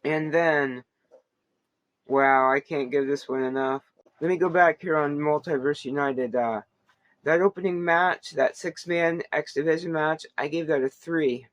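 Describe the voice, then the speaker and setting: A man's voice: fairly high pitch, a little slow, no echo. A man hosting a wrestling podcast, giving a casual, rambling recap full of fillers, restarts and playful asides.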